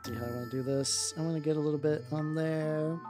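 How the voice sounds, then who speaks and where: A woman streamer chatting casually as she paints miniatures, rambling and blunt, full of fillers and swearing, pausing to greet her chat viewers. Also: sits low, fairly even intonation, dark tone. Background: faint background music.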